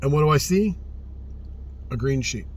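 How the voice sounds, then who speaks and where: A man telling a personal story in casual spoken style, earnest and often hushed, swearing freely and repeating phrases for emphasis. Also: medium pitch, expressive, normal speed. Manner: often drops to a hushed, subdued tone.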